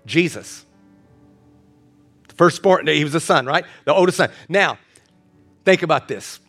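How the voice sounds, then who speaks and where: A man with a high voice preaches a sermon at a church service. He talks emphatically, repeats his key phrases and builds his intensity. Faint music sits behind him. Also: lively intonation, a little slow, long pauses, fairly bright tone. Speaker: pastor.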